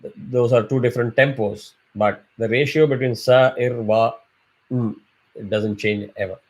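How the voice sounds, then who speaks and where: A man with a medium-pitched, steady voice and moderate pace teaches a chanting class online. He explains patiently and draws out syllables as examples.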